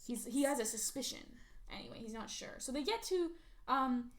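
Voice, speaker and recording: A woman's voice: high-pitched, moderate pace. A young woman podcast host casually recapping an old film and acting out the characters' lines. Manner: animated storytelling with acted-out quotes.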